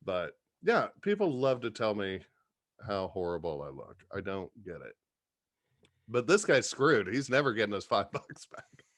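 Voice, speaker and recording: A man guesting on a podcast, telling stories in a profane, animated, casual way. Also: lowish voice, a little slow, dry recording, studio quality. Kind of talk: casual storytelling chat.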